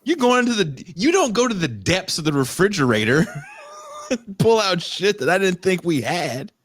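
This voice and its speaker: A man's voice: sits high, moderate pace, dry recording. Ranting, swooping Californian man. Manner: animated profane ranting, mock outrage. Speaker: podcast co-host. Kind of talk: casual podcast chat.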